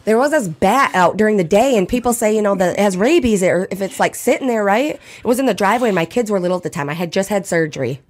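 A woman in her thirties, a podcast guest, telling a story in casual chat, animated and laughing as she acts out scenes. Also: mid-range voice, quick pace, hardly any pauses.

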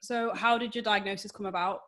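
A woman at a mid-range pitch introduces her podcast in a chatty, self-correcting way. She rambles a little and laughs at her own asides as she sets up the interview. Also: fairly even intonation, brisk, a bit bright. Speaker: podcast host.

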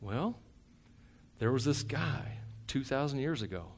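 Middle-aged male pastor, animated preacher, rises to loud peaks, drops to near hush. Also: mid-range voice, measured pace. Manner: animated preaching, swings from shouting to hushed. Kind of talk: sermon.

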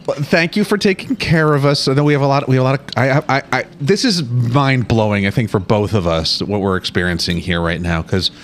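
A man playing his character in a tabletop game, stammering and excitable. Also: medium pitch, a little fast, hardly any pauses, slight background noise. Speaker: player.

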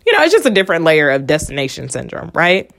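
A woman giving casual motivational talk, frank and animated with lots of profanity, sometimes dropping into a hushed whisper. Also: deep voice, fast, gravelly. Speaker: vlogger and spiritual speaker.

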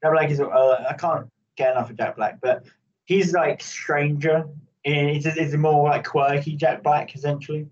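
A man chatting casually on a podcast, sweary and animated, often ranting. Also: fairly high pitch, normal speed. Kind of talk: casual chat. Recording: distant, dull lo-fi mic.

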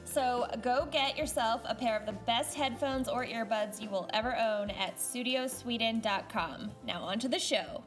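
A woman's voice: on the high side, moderate pace, hardly any pauses, faint music behind. A woman in her thirties co-hosting a chatty podcast, giggly and loose, dropping fillers as she reads the sponsor spot. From Minnesota. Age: 30s. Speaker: podcast co-host. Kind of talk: casual chat.

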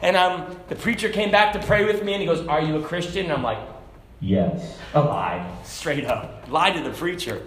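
A man preaching a sermon, moving between shouted passages and quiet, conversational asides. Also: a little high, animated, brisk, few pauses, echoey room. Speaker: pastor.

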